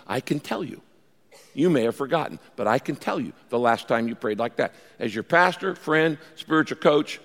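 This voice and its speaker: Preaching a sermon, a pastor is lively and dramatic, slipping into pleading prayers that he acts out and into story voices. His voice sits a little high for a man and rings with the long reverb of a large church hall.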